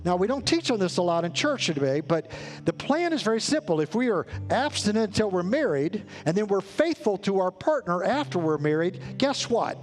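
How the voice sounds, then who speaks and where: A man with a notably high voice preaches to his congregation, earnest and rising to emphatic peaks as he tells a story. Soft guitar plays faintly beneath him in the sanctuary. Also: big pitch swings, brisk. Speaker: pastor. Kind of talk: sermon with storytelling. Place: church sanctuary.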